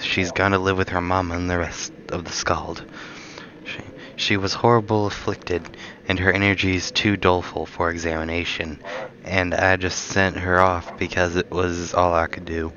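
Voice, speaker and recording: A gamer putting on a low Southern drawl. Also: male voice, level tone, moderate pace, fairly bright tone, highs cut off. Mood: pleading. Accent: American Southern. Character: man reading a letter in a southern drawl.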